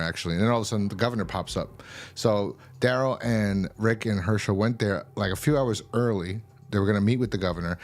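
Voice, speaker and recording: Low-voiced man rambling through a recap. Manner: rambling, loose, with frequent fillers and swearing. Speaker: show host reviewing a TV episode. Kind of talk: casual recap talk.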